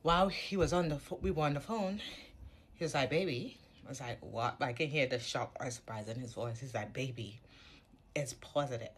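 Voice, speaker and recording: A woman's voice: extremely low pitch, fairly quick, breathy edge. A woman in her thirties telling a candid, reflective personal story in a casual vlog at home. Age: 30s. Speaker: vlogger.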